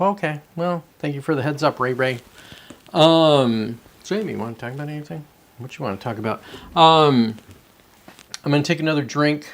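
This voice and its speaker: Man, livestream host, rambling casual chat, middle pitch, talks to viewers in chat. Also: normal speed, gravelly, a little hiss or hum. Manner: sips coffee between remarks.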